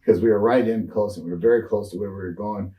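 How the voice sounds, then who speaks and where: A man's voice: lowish voice, steady tone, fast, warm tone, recorded from a distance, low-quality recording. A man in his sixties, a retired wrestler, rambling through road stories in a shoot interview with lots of fillers and restarts.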